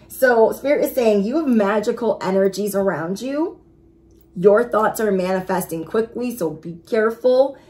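Chatty, excitable woman tarot reader. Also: mid-range voice, a little slow. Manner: chatty and excitable, speaks directly to viewers. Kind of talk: casual tarot reading to viewers.

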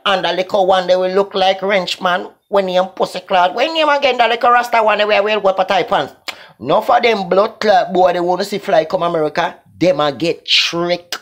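Jamaican guy ranting, loud and mocking, yells a lot, does squeaky impressions. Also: steady tone, moderate pace. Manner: loud, shouting, mocking, mimics others in high squeals. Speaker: video commentator. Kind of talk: mocking reaction rant.

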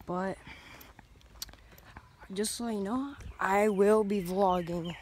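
A woman's voice: medium pitch, slow, darkish tone. A woman vlogging on a walk outdoors. She rambles playfully and breaks into silly sound effects and singsong noises. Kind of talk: casual walking vlog. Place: outdoors on a walk through town. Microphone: handheld phone camera. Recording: phone video with clear outdoor background noise.

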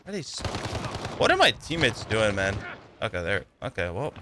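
A young man giving live commentary over his own shooter gameplay, talking in a loose, excitable way, swearing now and then and yelling when the fighting heats up. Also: on the low side, moderate pace, noisy background. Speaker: gaming YouTuber. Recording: gunfire sounds behind the voice.

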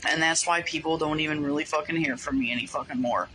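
A woman's voice: sits low, quick pace, a bit bright, slight background noise, poor audio. A woman delivering an angry, profanity-heavy rant to her followers, repetitive and insistent. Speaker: vlogger speaking to followers.

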